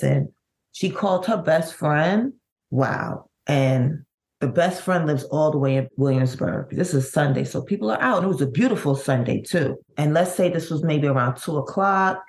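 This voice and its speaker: A middle-aged woman, a bereaved mother, telling her story in an interview, with halting, vivid recounting and many restarts. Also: sits low, a little mellow. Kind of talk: emotional personal storytelling.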